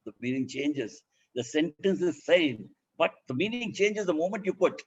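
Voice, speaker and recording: A man's voice: on the high side, normal speed, breathy edge, dull audio. A man with an Indian accent giving a public speaking lesson, demonstrating points by voicing example sentences. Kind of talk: instructional talk.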